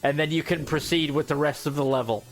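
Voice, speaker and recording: A young man giving casual, joking gameplay commentary, excitable and swearing freely, with game music faint behind him. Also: fairly high pitch, quick pace. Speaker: gaming streamer.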